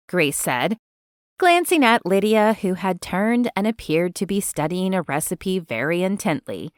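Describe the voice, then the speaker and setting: A woman narrating a romance audiobook in an expressive storytelling manner, recorded close to the mic. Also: medium pitch, a little slow, no room sound. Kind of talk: scripted narration.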